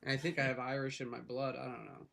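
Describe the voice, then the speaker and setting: A man's voice: mid-range voice, level tone, fast talker, creaky, a bit bright. A man co-hosting a live trading stream, chatting casually in an easygoing, rambling way. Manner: easygoing, rambling, laughs often.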